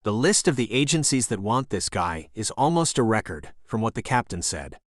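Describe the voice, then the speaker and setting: A man reading a thriller audiobook as narrator, in a steady storytelling voice. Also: fairly low pitch, moderate pace, no room sound, clean studio sound. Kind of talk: scripted narration.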